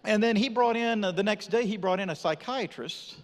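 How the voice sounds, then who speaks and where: A man's voice: sits high, brisk. A man from Texas giving his missionary testimony in church, telling the story with energy and acting out what people said. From Texas, USA. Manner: animated storyteller acting out dialogue. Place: church sanctuary. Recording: reverberant church hall.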